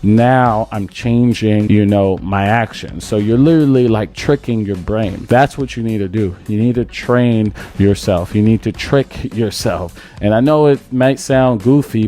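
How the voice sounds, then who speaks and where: Emphatic low-voiced male baseball coach. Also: mellow. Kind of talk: instructional talk to camera.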